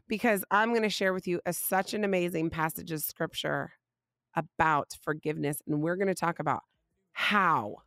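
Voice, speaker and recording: A woman, hosting a podcast and telling a funny family story in a casual, animated way. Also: on the low side, normal speed, smooth, no echo. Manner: animated, laughing, rising emphasis on punchlines. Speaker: podcast host.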